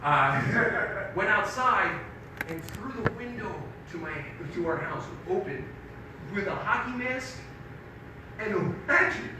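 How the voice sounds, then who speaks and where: Profane stand-up comic in an echoey hall. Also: male voice, high-pitched, measured pace. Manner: animated, profane storytelling with acted-out quotes. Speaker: stand-up comedian. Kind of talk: live stand-up set. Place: live theater stage. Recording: echoey hall from far off, audible audience noise.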